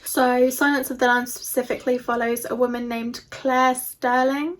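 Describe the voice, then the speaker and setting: Young woman going through her book list, chatty and excited, voice on the higher side. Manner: chatty and enthusiastic, laughs between points. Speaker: book reviewer. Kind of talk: casual book vlog chat.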